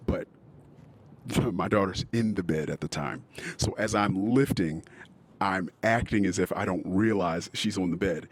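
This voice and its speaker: A man's voice: low voice, husky. A man hosting a podcast, talking emotionally and profanely in a personal monologue about his daughters. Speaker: podcast host.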